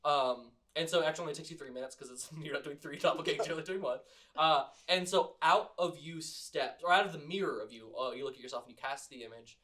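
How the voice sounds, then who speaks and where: A man narrating as game master of a tabletop game, animated and laughing often, with many fillers. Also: fairly high pitch, fast talker.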